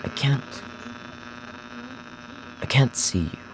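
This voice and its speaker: A man doing a calm, calculating man in a book. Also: drawn-out words, noisy background.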